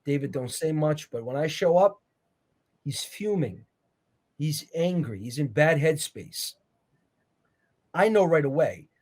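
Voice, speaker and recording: A man sits for an interview and walks through his points in an earnest, preacherly tone. His voice sits a touch higher than most men's. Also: expressive, unhurried, long pauses, darkish tone. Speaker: interview guest, author. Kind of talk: conversational interview.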